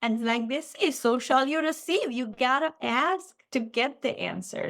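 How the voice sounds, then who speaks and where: A woman in her forties tells a personal story with lively energy, her voice sitting a little high. She drops into the voices of her past self as she goes, in a loose, chatty guest style. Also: normal speed, hardly any pauses. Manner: animated, acts out her own past lines. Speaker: podcast guest, physical therapist. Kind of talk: casual storytelling in interview. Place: lived in the Midwest.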